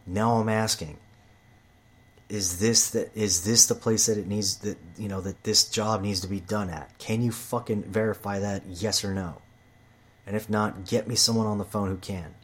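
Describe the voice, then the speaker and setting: A man with a fairly low voice rants about work. He swears constantly and circles back over the same words. He sounds heated and worked up. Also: fairly even intonation, normal speed, husky. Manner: profane, heated, repetitive. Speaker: manual tradesman. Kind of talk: ranting monologue.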